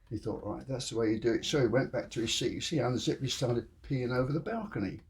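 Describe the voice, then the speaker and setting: A man's voice: medium pitch, lively intonation, quick pace, few pauses, a little mellow, husky. An older man, hosting and telling jokes to camera, chuckling at his own punchlines. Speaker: joke teller, channel host.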